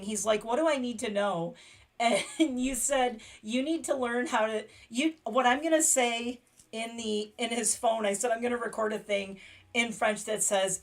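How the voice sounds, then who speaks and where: A woman in her thirties hosting a casual late-night livestream chat from home, talking excitedly with many laughs. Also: mid-range voice. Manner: chatty, excitable, laughs often. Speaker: livestream host.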